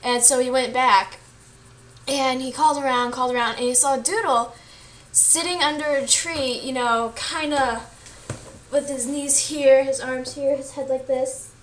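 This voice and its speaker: A woman's voice: sits high, steady tone, measured pace, slight background noise. A young woman casually retelling a story she read, chatty and full of fillers, acting out the quoted lines. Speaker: student vlogger.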